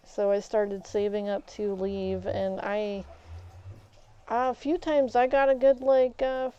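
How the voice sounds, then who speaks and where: A woman's voice: medium pitch, little pitch movement, takes it slowly, dark tone, clear, resonant tone, dull audio. A woman live streamer rambling through a casual story while gaming, with many fillers and restarts.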